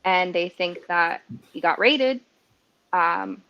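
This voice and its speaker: A woman on a casual true-crime panel, speaking in a measured way. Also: lowish voice, no echo, lo-fi sound.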